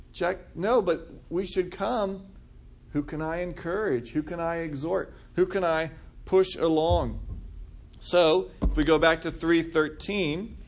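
A man preaching a conversational sermon, asking the congregation questions and answering them. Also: sits high. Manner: casual, asks the room questions. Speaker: pastor.

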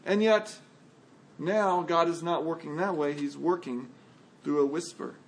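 A man with a notably high voice delivers a sermon. He speaks in measured, deliberate phrases, slowing down for emphasis and sinking almost to a hush on the key words. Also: a little hiss or hum. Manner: measured preaching with slow emphatic phrasing and dramatic drops to a hush. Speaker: pastor.

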